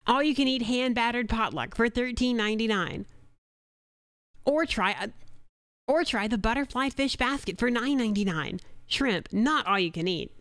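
A woman's voice: fairly high pitch, moderate pace, a bit bright, dry recording. A woman voicing a local radio commercial with an upbeat, punchy announcer delivery. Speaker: commercial voice-over artist.

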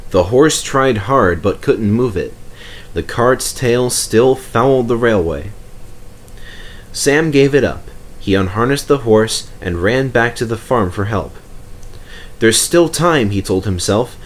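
A man reading a children's railway story aloud, telling it with expressive, animated delivery. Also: mid-range voice, measured pace. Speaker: storybook reader.

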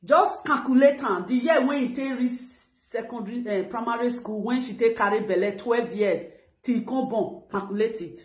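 Animated middle-aged woman with Nigerian Pidgin accent. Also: a little high, moderate pace, echoey room. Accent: Nigerian Pidgin English. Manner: animated, ranting, retells what others said. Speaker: vlogger on a live video. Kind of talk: casual live-stream talk.

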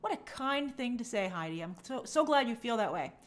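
A woman's voice: a little high, animated, brisk. A woman from New York hosting a livestream, reading viewer comments aloud in a bubbly, gushing way and stumbling over hard names. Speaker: livestream host. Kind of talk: casual live chat reading viewer comments.

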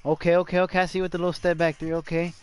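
A man streaming a game live, shouting and swearing excitedly, repeating phrases over and over. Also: a little high, rapid-fire, smooth, no room sound, faint music behind. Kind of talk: hyped live gaming commentary.

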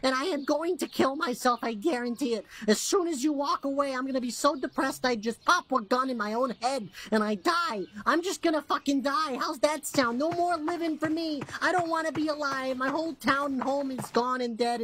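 A woman's voice: high voice, a bit bright. A woman voicing a tiny, melodramatic alien townsperson who rambles, whines and swears. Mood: wailing. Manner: rambling, whiny, swears a lot.

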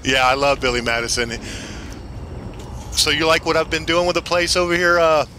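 This is a man on a casual game stream, rambling and joking with a teammate. His voice is strikingly bright and forward, with a faint hiss of noise under it. He swears offhandedly and talks close to a headset mic. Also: a little high, level tone, normal speed. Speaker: streamer playing an online shooter. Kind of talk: casual gaming chat.

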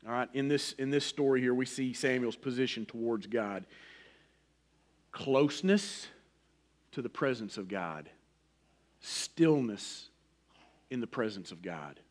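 A middle-aged man preaching a sermon in a folksy, personal way, swinging from loud emphasis to a hushed near-whisper. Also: mid-range voice, lively intonation, a little slow, long pauses. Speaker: pastor.

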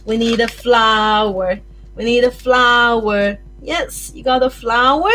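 A woman with a New Zealand accent leading a circle-time lesson for young children, with a sing-song, animated way of talking. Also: on the high side, slow pace, faint music behind. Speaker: early childhood teacher.

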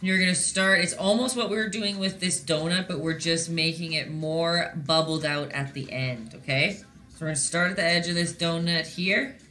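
A woman's voice: lowish voice, pushed and bright. A woman leading a casual live-stream painting lesson, chatty and encouraging, often checking in with her viewers as she goes. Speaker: painting instructor.

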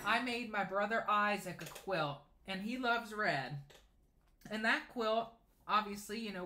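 A man's voice: high voice, bright, forceful tone, roomy sound, a little hiss or hum. A young man in his late teens hosting a casual sewing livestream, chatting and reading viewer comments aloud as he answers them. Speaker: sewing channel host. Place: home sewing room.

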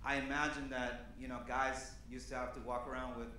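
30s guy from peru doing standup, rambly w lots of fillers, bright voice, super echoey club with faint room noise. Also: mid-range voice, little pitch movement, a little fast. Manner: loose, rambling delivery with many fillers. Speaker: stand-up comedian. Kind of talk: stand-up comedy set. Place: comedy club stage.

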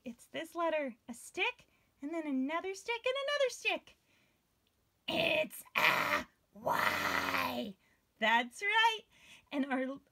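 A woman leads a children's story time and reads picture books aloud in a very high, bright voice. She takes her time over every word and uses a gentle, sing-song delivery meant for small children.

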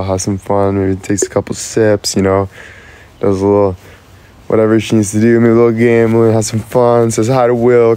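Teasing low-voiced male streamer. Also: mellow. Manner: teasing, playful, quick to laugh; rattles off thanks to viewers by name. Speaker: live streamer. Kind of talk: casual live-stream chat with viewers.

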